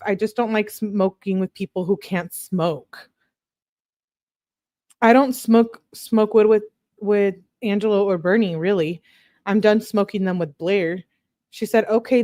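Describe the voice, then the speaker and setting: A woman's voice: medium pitch, dry recording. Woman host, casual commentary, sarcastic, reads texts aloud, dry close mic. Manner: chatty and sarcastic, laughing often, reading quotes in flat voice. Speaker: true crime channel host. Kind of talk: casual commentary reading text messages aloud.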